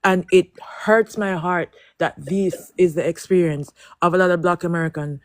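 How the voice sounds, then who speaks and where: A woman's voice: lowish voice, steady tone, normal speed, no echo. Heartfelt woman panelist. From Jamaica. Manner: emotional, heartfelt, apologetic. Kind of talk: live panel discussion.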